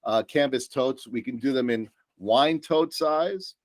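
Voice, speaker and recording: A man's voice: mid-range voice, a little slow, no room sound. Upbeat New York salesman, dry sound. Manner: upbeat, joking salesman's patter with many fillers. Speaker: supplier sales presenter. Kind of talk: business presentation.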